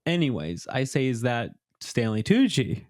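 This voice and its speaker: Young male podcast host, chatty and lively, laughs through his stories. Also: medium pitch, moderate pace. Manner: animated storytelling, laughs often. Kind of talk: casual chat.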